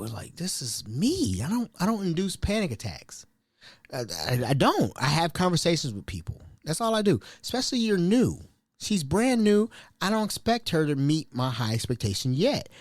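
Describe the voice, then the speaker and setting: A man's voice: on the high side, no room sound, clean studio sound. A man hosting a podcast, telling a story casually and animatedly, acting out quotes and sound effects. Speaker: podcast host.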